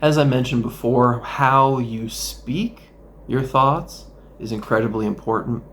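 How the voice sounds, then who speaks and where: Gravelly-voiced male therapist guiding calmly. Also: mid-range voice, unhurried, slight background noise. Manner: gentle guiding delivery with playful asides. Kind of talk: instructional talk with guided exercise.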